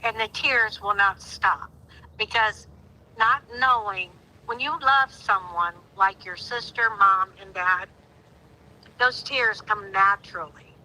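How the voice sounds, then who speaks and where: A woman's voice: mid-range voice, takes it slowly, pushed and bright, low-quality recording. A woman in her sixties calling in to a live stream, talking earnestly and pleadingly, her voice rising sharply when she grows indignant. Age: 60s. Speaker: caller. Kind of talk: emotional call-in on a live stream.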